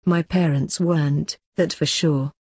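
Woman playing a sincere young woman, gentle, matter-of-fact, mellow, breathy. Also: deep voice, steady tone, a little slow, no echo, exaggerated voice.

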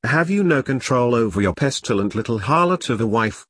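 A man's voice: medium pitch, expressive, fairly quick, a bit bright, slightly rough. A man doing Boggart, a furious pompous order leader. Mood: raging. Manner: ranting, barking insults.

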